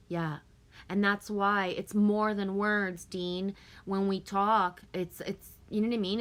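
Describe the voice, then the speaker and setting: A woman's voice: medium pitch, a bit bright. Chatty woman reading live chat. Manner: chatty, laughs often, reads comments aloud. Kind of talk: casual live chat with viewers.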